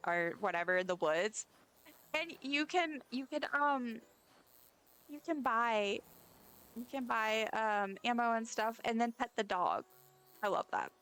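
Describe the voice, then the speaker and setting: A woman's voice: on the high side, a bit bright, smooth. A woman streamer chatting casually while playing a game, giggling and talking to the characters on screen. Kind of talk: casual gameplay chat.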